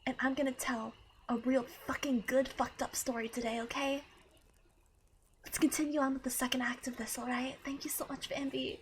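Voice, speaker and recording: A woman's voice: high-pitched, little pitch movement, normal speed, slight background noise. A young woman streamer thanking donors on a live stream, swearing often, stammering and sometimes dropping into a whisper.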